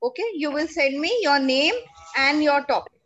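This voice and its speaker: A woman's voice: high-pitched, moderate pace, a bit bright, lo-fi sound. A middle-aged woman with an Indian English accent, teaching a class and patiently questioning and coaxing her pupils to answer. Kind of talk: classroom lesson.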